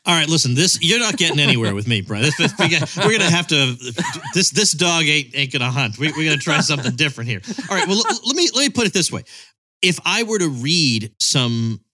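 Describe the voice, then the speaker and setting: A man hosting a podcast interview, jokey and teasing, stammering when excited. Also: fairly high pitch, a little fast. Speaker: podcast host.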